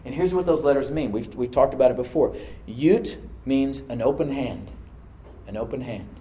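Speaking at a normal speed in a mid-range voice, a pastor delivers a sermon at a church service, reading from scripture and then going quiet to drive a point home. He invites the live congregation to answer back, all on a rough, reverberant recording.

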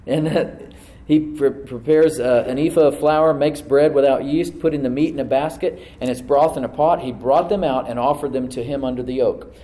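Guy preaching in church, warm low-key tone, reads the verses out then goes quiet to hit the point. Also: fairly even intonation, normal speed, hardly any pauses, echoey room, low-quality recording. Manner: reads scripture aloud, then drops to a soft voice to stress points; asks the congregation to answer back. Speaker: pastor. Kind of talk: sermon. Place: church service with a live congregation.

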